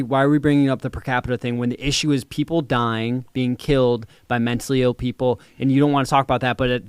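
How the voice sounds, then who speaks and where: A man's voice: medium pitch, clean tone, no echo. A young man co-hosting a podcast, speaking casually and thoughtfully, with frequent fillers as he works through ideas. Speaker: podcast co-host. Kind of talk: casual chat.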